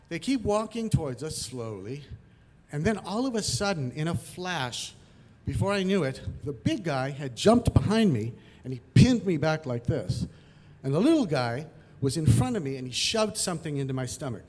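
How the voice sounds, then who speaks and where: A man from Los Angeles telling a personal story on stage, vivid and animated, acting out the scenes. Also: fairly high pitch, normal speed.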